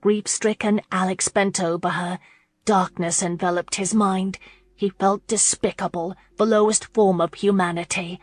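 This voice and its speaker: A woman narrating a historical romance audiobook in a steady, measured way. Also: mid-range voice, no echo.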